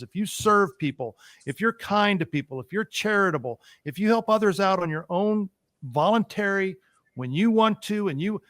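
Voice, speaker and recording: A man's voice: high-pitched, fairly bright tone, no echo, clean studio sound. A man hosting a talk show, ranting emphatically about politics and repeating his points as he gets worked up.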